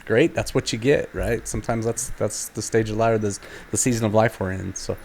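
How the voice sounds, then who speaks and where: A man's voice: lowish voice, fairly quick, gravelly, darkish tone, a little hiss or hum. A man hosting a podcast, chatting in a reflective and encouraging way. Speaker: podcast host. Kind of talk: casual chat.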